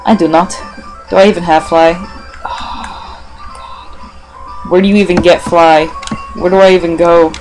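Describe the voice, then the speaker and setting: A woman's voice: lowish voice, little pitch movement, unhurried, pauses often, a little mellow, soft background music, rough recording. Rambling, self-mocking woman gamer. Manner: talks to herself and the game characters. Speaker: let's play gamer. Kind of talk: casual gaming commentary.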